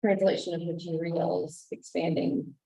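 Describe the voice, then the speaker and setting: A woman explaining grant details at a public board meeting, halting and repeating words as she goes. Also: lowish voice, flat delivery, gravelly, mellow. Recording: roomy echo, distant mic.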